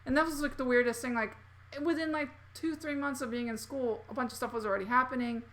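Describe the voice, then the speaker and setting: A woman's voice: high-pitched, steady tone, quick pace, fairly bright tone. A woman in her thirties hosting a casual chat, telling a story animatedly with lots of fillers and acted-out quotes. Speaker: host.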